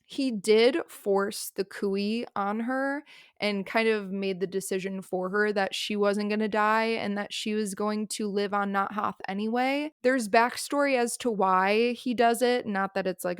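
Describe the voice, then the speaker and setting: A young woman casually recapping a novel's plot in a chatty, animated way, full of fillers. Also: mid-range voice, clean tone, dry recording, clean studio sound. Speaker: book reviewer.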